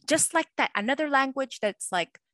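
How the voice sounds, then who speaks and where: A woman's voice: high voice, animated, normal speed, sharp tone, no echo. A young woman from Macau co-hosting a casual podcast, rambling with many fillers. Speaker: podcast co-host.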